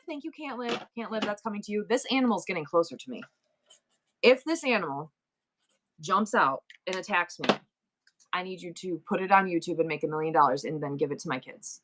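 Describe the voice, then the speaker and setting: A woman in her forties hosts a live-stream sale in a loose, chatty way. She breaks into rapid auctioneer-style counting, reeling off numbers in quick runs. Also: on the low side, expressive, fairly bright tone. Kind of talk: casual live-stream chat.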